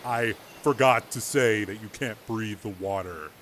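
A man's voice: fairly low pitch, a little hiss or hum. A man doing a weary, patient partner. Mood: apologetic. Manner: soft, weary, slow.

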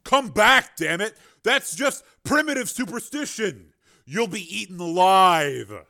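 A man's voice: mid-range voice, big pitch swings, slow pace, a bit bright, exaggerated voice. A man reading the lines of a frustrated man who curses while swimming in danger. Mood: shouting. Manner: exasperated, cursing.

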